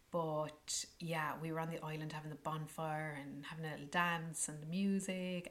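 A woman vlogger telling a travel story to her viewers in a gushing, enthusiastic way, often slipping into breathy whispers. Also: on the low side.

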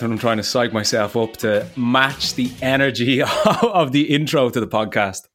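An upbeat man hosting a podcast, chatting casually and breaking into laughs. His voice sits at an ordinary middle pitch, with faint music underneath. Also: normal speed, a bit bright. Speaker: podcast host.

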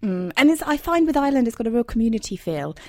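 A woman's voice: a little high, sing-song, quick pace, no room sound, studio quality. A woman hosting a podcast interview, chatty and effusive, often restarting her questions. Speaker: podcast host. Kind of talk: casual interview chat.

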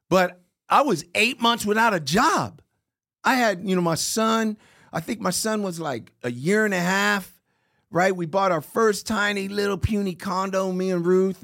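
In a high, creaky voice, a middle-aged man chats casually about his own experiences. He's an animated storyteller who acts out other people's quotes.

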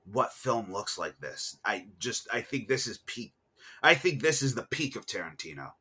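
Animated, lively man chatting about films. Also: normal speed, breathy edge. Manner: animated, jumps into loud high exclamations. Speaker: podcast co-host. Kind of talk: casual film chat.

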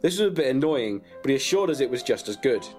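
A man reading a crude comic story about himself in a deadpan way and breaking into laughs. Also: mid-range voice, fast, faint music behind.

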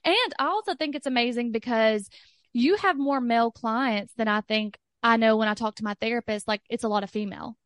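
A woman's voice: a little high, brisk, dry recording, clean studio sound. A woman talking candidly as a podcast guest and coaching client, chatty and full of "like" with frequent laughter. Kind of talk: candid casual chat.

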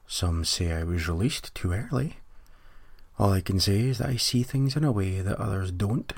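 A man's voice: lowish voice, lively intonation, moderate pace, creaky, husky, no echo. A Scottish man hosting a comedy podcast, telling stories with dry, wry jokes. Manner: dry, wry joking delivery. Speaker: podcast host. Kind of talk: comic storytelling monologue.

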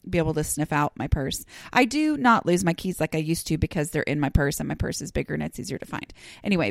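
A woman's voice: lowish voice, gravelly, no echo, studio quality. A woman hosting a solo podcast, chatting in a rambling, self-deprecating way with plenty of asides. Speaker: podcast host. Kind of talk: casual solo podcast chat.

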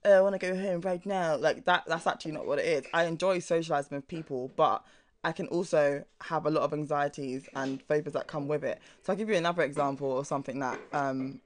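A young man talks fast in a casual podcast chat, his voice sitting a little high. He is animated and laughs easily, with the odd casual swear. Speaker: podcast co-host.

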